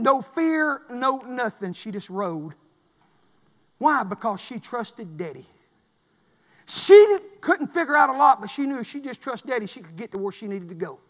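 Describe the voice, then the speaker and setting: A man preaching a sermon in church, swinging between loud impassioned calls and hushed pleading. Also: very high-pitched, big-room sound. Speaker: pastor. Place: church sanctuary.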